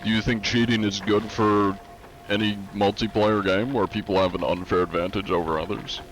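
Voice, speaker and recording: Low-voiced guy streaming, chill, lots of uh's, faint hiss behind. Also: flat delivery, normal speed. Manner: laid-back, reads chat aloud and answers it; frequent "uh" fillers. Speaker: game streamer. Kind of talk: casual live-stream chat.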